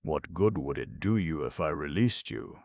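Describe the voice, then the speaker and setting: Brief: gentle, reasoning male doctor read by a man, very low and gravelly. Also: normal speed, dry recording. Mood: resigned. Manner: calm, reasoning, apologetic. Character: mild, resigned middle-aged male doctor.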